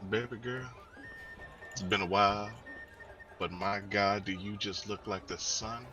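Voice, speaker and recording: A man voicing a suave, flirtatious tiefling man who talks slowly and smoothly. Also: on the low side, pushed and bright, distant mic, rough recording. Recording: voice from off the mic.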